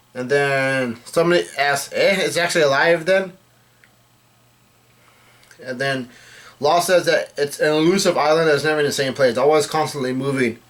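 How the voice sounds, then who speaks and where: A man with a medium-pitched, slightly bright voice casually reads a manga chapter out loud. He doesn't change his voice for quoted lines, and he often stops mid-sentence to correct himself.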